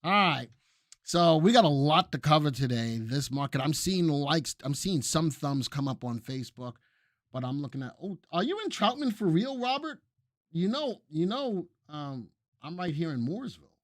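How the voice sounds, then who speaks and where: A man's voice: on the high side, no room sound, clean studio sound. A man hosting a live stream about the stock market, who chats with viewers, greets them by name and cracks jokes.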